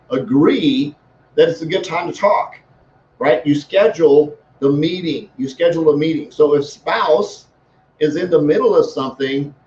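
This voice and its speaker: A man's voice: on the high side, darkish tone, slight background noise. A man talking as a leadership coach in a casual live-stream, rambling with many restarts. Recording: echoey room, dull lo-fi sound.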